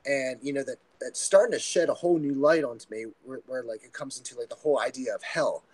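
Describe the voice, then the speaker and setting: A man telling a personal testimony as a podcast guest, earnest and rambling, often halting mid-sentence. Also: mid-range voice, darkish tone, no echo. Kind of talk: casual testimony storytelling.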